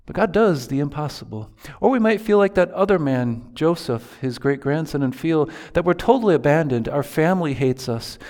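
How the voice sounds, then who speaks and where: A man's voice: fairly high pitch, a little mellow. A male pastor preaching a sermon in an earnest manner, quoting prayers from scripture.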